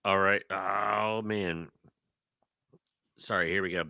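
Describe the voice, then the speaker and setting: A man's voice: low voice, steady tone, slow pace, vocal fry, pushed and bright, no echo. A man co-hosting a casual podcast, reading reviews aloud with dramatic emphasis and stopping to laugh at them. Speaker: teacher.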